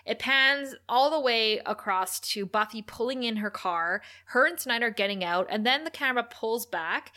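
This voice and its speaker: A woman co-hosting a podcast, chatting casually as she recaps a TV episode, animated and laughing often. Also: fairly high pitch. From Canada. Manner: chatty, animated, laughs a lot, many likes. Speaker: podcast co-host.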